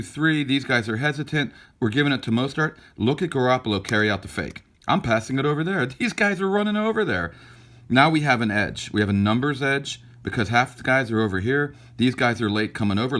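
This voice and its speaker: A man analyzing football game footage for viewers, talking casually and animatedly and voicing what the players are thinking. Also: fairly low pitch. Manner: animated, talks to viewers, acts out players' thoughts. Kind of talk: casual game breakdown over video.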